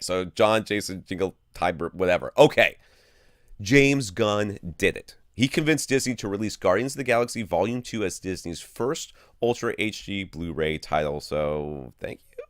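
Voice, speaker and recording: A man co-hosting a tech podcast, reading news fast and rambling, tripping over words as he goes. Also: low voice, lively intonation, dry recording, clean studio sound. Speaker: podcast co-host. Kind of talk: casual podcast chat.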